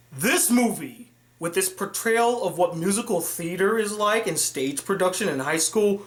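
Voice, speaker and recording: A man's voice: high-pitched, a bit bright, roomy sound. A young man ranting furiously about a film, profane and exasperated, in a vlog review.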